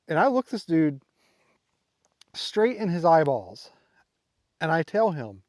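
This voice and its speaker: A man's voice: fairly high pitch, sing-song, slow pace, long pauses, darkish tone, dry recording, clean studio sound. A middle-aged man telling stories in a casual, rambling way with lots of fillers, speaking outdoors at a campsite. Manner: rambling, filler-heavy, laughs at his own stories. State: tired from a sleepless night. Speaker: vlogger. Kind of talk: casual vlog storytelling.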